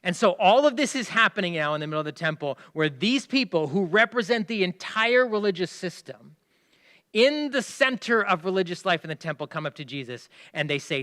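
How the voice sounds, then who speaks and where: A male pastor preaching a sermon, with emphatic stresses that drop into hushed asides. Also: high-pitched, expressive, moderate pace. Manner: explains by asking listeners to pay attention.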